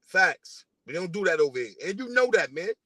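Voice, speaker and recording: A man's voice: sits high, big pitch swings, fairly quick, pushed and bright, dry recording. A man from New delivering a casual, profane diss rant at a rival, taunting and repeating himself.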